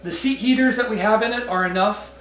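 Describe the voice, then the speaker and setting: A man with a fairly high voice gives a casual car review, his talk rambling and full of self-corrections. He sits back from the microphone, and the room echoes around him. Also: quick pace, fairly bright tone, recorded from a distance, slight background noise. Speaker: car channel host.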